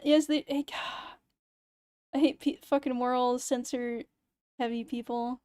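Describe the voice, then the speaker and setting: A young woman with a high, smooth and clear voice, chatting casually on a livestream. She rants with a sarcastic edge and swears often. Her voice is recorded close and dry, with no room sound. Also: steady tone, slow pace, darkish tone, no echo. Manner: ranting, sarcastic, swears a lot. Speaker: VTuber streamer.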